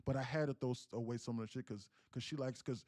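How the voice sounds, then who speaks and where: A man's voice: mid-range voice, quick pace, darkish tone, no echo, clean studio sound. A man in his thirties telling a profane, emphatic story on a day trading livestream, with frequent restarts.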